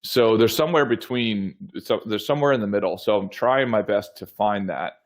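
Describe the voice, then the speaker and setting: A man's voice: fairly low pitch, moderate pace. A man hosting a podcast who talks casually and hesitantly, with many ums and restarts. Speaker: podcast host. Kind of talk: casual chat.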